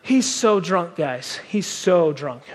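Brief: male preacher, lively storyteller, high-pitched, reverberant hall. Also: slow. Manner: animated, self-deprecating. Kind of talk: sermon storytelling. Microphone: wearing a microphone.

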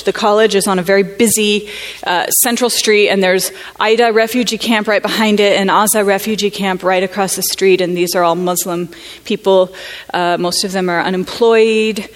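At a conference, a U.S. woman shares her personal testimony with a mid-pitched voice. Her tone is earnest and thoughtful, broken by pauses and restarts as she looks for words.

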